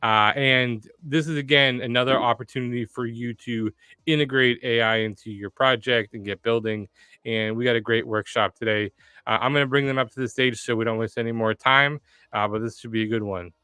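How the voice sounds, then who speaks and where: An energetic man hosts a live online developer workshop, his voice bright and sharply clear. He talks with plenty of "uh" fillers. The sound is close and dry, with no room in it. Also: mid-range voice, a little fast, dry recording. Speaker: livestream workshop host. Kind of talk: upbeat live stream hosting.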